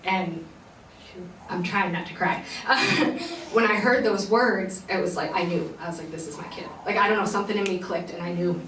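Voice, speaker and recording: A woman's voice: medium pitch, normal speed, fairly bright tone, distant mic. A young adult woman hosting a podcast, earnestly telling a long personal story, rambling with many fillers and restarts. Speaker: podcast host. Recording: roomy echo, voice a bit off-mic, faint background noise.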